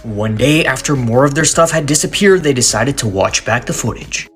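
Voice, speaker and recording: A man's voice: medium pitch, lively intonation, normal speed, fairly bright tone, soft background music. A man giving scripted narration of a creepy story in a teasing, suspense-building way.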